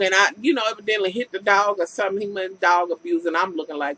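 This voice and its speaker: A woman's voice: mid-range voice, lively intonation, moderate pace, a bit bright, husky, dry recording, low-quality recording. A woman vlogger recapping a TV episode in a casual, profane rant, acting out scenes with incredulous commentary.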